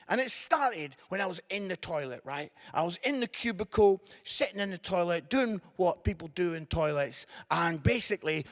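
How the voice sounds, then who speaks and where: Fifty-something guy doing stand-up stories live, fairly high voice, punchy, keeps going "yeah?". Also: long reverb tail. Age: 50s. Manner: animated, punchy asides with "yeah?" tags. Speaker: comedian and evangelist. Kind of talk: stand-up storytelling. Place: live venue before an audience.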